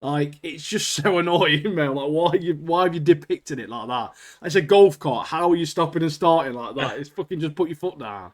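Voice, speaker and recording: A man co-hosting a podcast in easy, profane chat. His voice sits a little high for a man, and he rants with lively energy and frequent laughs. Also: moderate pace, hardly any pauses. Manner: animated ranting, laughs often, swears freely. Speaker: podcast co-host. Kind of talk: casual chat.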